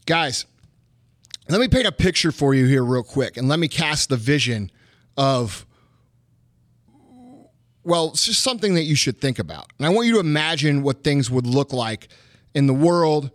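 A man's voice: fairly high pitch, expressive, normal speed, pauses often, no echo, clean studio sound. Fired-up profane male podcast host. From United States. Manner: profane, emphatic, punchy repetition. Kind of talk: fired-up motivational rant.

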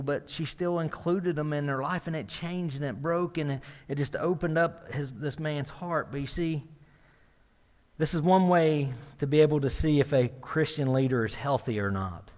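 A man's voice: a little high, darkish tone. A middle-aged man preaching a sermon as pastor, talking conversationally, often checking in with the room, his voice building as he retells a story. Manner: conversational, asks the room "right?", builds in intensity while retelling. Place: church sanctuary. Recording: long hall reverb.

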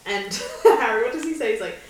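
A woman's voice: on the high side, lively intonation, a little fast. A woman co-hosting a podcast, chatting casually about an episode, laughing often and acting out quotes. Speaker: podcast co-host. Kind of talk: casual chat recapping an episode. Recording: echoey room, distant mic.

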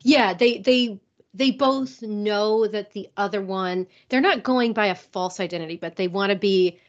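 A woman's voice: mid-range voice, a little slow, highs cut off. A woman co-hosting a podcast in easygoing, casual book chat, often filling her talk with "like" and "right?". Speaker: podcast co-host.

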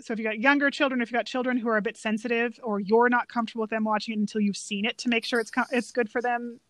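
An enthusiastic woman chats about films, laughing easily. Her voice sits a little high, and the recording is dry and close. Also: fairly even intonation, racing, fairly bright tone, dry recording. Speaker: podcast co-host. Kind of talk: casual chat about movies.

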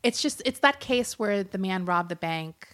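A woman's voice: mid-range voice, lively intonation, moderate pace, background noise. A woman co-hosting a podcast in casual chat, giggly and rambling. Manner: giggly, rambling, full of fillers. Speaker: podcast co-host.

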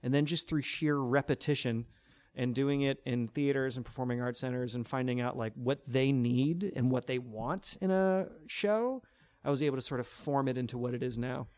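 A man's voice: mid-range voice, moderate pace, a little mellow. A man with a tenor voice, a stage performer chatting in an interview, with many fillers and restarts. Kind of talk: casual interview talk.

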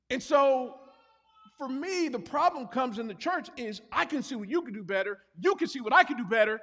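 A man's voice: high voice, bright, forceful tone. A man preaching a sermon as pastor, in a conversational, confessional storytelling manner with self-deprecating humor. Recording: reverberant hall.

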